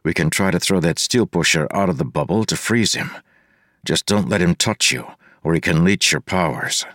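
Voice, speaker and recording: A calm male lawman who lays out a battle plan in measured, precise words, as a narrator voices him. Low and dry, close to the mic. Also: no echo.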